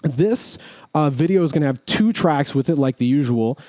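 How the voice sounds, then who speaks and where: A man's voice: a little high, expressive, normal speed, warm tone, dry recording. A man teaching guitar in a casual way, thinking aloud as he goes and restarting phrases, with guitar playing in the background. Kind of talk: casual instructional explanation.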